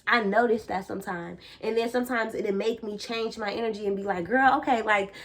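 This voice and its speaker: A young woman vlogging a casual spiritual chat to her viewers, blunt and animated, full of slang and swearing. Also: mid-range voice, a little fast. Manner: blunt, profane and animated, lots of slang and 'bitch' as filler. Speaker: vlogger and tarot reader.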